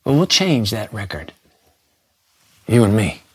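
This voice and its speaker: A man preaching a sermon, reading quotations aloud and urging his listeners with animated emphasis. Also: fairly low pitch, a little slow, breathy edge, dry recording. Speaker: pastor.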